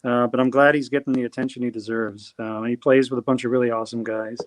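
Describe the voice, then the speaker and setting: A man from New Jersey chats as a guest singer-songwriter, wandering through his thoughts with plenty of ums and restarts. His voice sits at a middle pitch and is recorded dry and close, with no room sound around it. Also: level tone, fast talker, dry recording. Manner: rambling and hesitant, many fillers and restarts. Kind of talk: casual interview chat.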